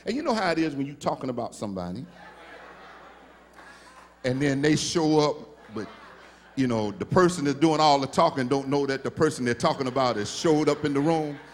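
A male pastor, preaching a sermon in a storytelling way that rises into shouted preaching. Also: medium pitch, lively intonation, brisk, pauses often.

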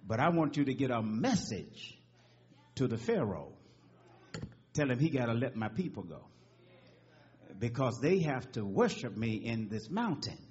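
A man voicing God in a sermon, speaking slowly, hushed and grave. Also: mid-range voice, very animated. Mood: solemn. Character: God speaking, deep solemn male divine voice. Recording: dull lo-fi recording.

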